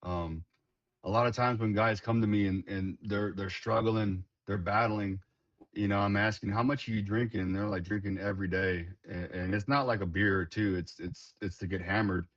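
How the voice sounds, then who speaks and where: A man who leads a veterans nonprofit appears as a guest, telling stories in a casual, earnest conversation, often restarting words and calling people "man." His voice is lowish, steady and fairly bright at a moderate pace, though the recording is muffled.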